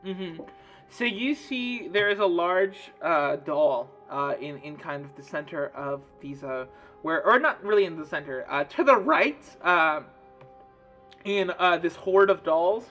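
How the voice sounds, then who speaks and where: Guy game master, high bright voice, chatty with lots of uhs. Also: expressive, measured pace, soft background music. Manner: casual, many fillers, describes scenes. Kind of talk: narrating a tabletop game.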